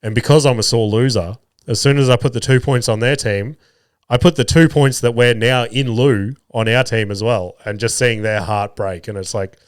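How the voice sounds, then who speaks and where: Crude, giggly man with a smooth voice. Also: mid-range voice, normal speed, no echo, studio quality. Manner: crude, rambling, laughs at his own jokes. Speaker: podcast host. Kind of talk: casual solo podcast storytelling.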